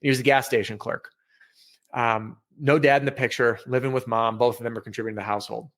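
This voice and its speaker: An energetic man talks candidly, swinging into stories with real feeling. His voice sits in an ordinary middle pitch. He is a sales trainer speaking as a guest over a call from his home office. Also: fast talker. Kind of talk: casual podcast interview.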